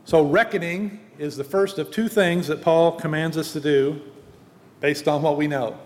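A man preaching a sermon and reading scripture, earnest and teaching, slowing down for emphasis. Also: on the high side, fairly even intonation, darkish tone. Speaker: pastor. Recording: long hall reverb.

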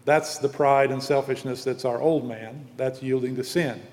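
A man's voice: mid-range voice, fairly even intonation, a little mellow. Man preaching in an echoing hall. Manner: earnest teaching, slows for emphasis. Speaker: pastor. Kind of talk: sermon with scripture reading. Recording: long hall reverb.

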